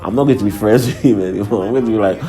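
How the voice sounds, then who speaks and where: Delivering a crude, irreverent comedy monologue as host, this young man from Nigeria laughs between lines and talks very fast. His voice is lowish and dark-toned, over faint background music.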